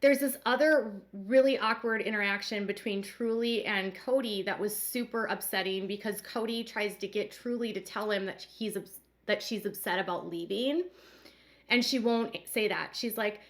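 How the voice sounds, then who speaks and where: A woman's voice: medium pitch, moderate pace. A woman hosting a commentary channel, recapping and speculating in a chatty way with lots of fillers. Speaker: commentary host.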